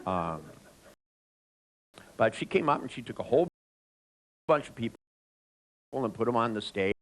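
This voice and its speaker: A man telling an anecdote in a chatty, animated way with frequent restarts. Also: mid-range voice, normal speed, rough recording. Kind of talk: anecdotal storytelling talk.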